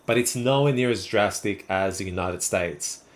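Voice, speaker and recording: A man in his twenties or thirties, speaking with a Sydney Australian accent, casually hosts a live stream. His voice is lowish and his pace moderate as he answers viewers' chat messages individually in a laid-back, talkative way.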